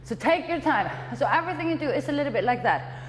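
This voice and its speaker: High-voiced woman coaching a workout. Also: expressive, fast, long reverb tail, background noise. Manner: encouraging, breathless between exercises. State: out of breath. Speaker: fitness trainer.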